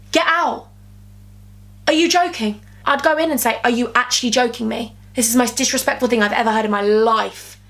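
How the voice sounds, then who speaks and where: A young woman with a high voice tells a storytime vlog from her bedroom. She talks in an animated, gossipy way and jumps into sudden squeals when she quotes people. Her throat is a little sore. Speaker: vlogger.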